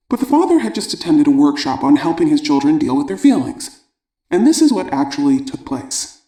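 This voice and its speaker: A man reading a parenting audiobook in a calm, measured way. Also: fairly high pitch, reverberant. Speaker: audiobook narrator. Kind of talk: scripted audiobook narration.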